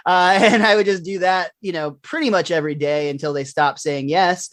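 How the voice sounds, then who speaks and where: A man's voice: sits high, moderate pace, a bit bright, no echo, studio quality. A young man hosting a podcast, chatting casually with many fillers and frequent laughs. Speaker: podcast host.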